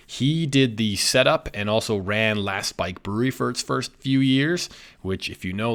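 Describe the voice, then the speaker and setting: A man with a fairly low, voice talks in an easygoing, rambling way. He fills his sentences with plenty of ums and uhs as he chats. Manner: chatty, rambling with many fillers. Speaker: beer reviewer. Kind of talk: casual chat.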